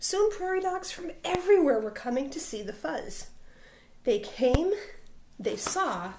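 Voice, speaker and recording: A woman teacher reading a picture book aloud to her school, expressive, with dramatic sound words. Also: high voice, unhurried, slight background noise.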